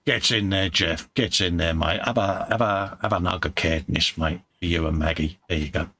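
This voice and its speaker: A man's voice: deep voice, moderate pace, bright, forceful tone. A man hosting a casual live chat, bantering matily and reading out viewer comments. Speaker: live-stream host.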